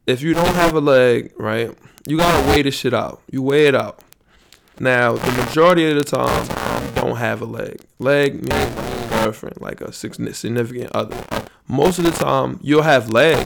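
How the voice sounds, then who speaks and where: Gravelly low-key male podcast host. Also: low-quality recording. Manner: rambling, slangy, restarts often. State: low energy. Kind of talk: casual solo podcast talk.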